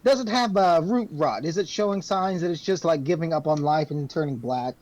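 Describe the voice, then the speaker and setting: A man's voice: on the high side, fairly quick, a little mellow, no room sound, natural voice. A man voicing a busy, irritable female druid alchemist who talks in a distracted, curt, rambling way during a tabletop game. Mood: fussy.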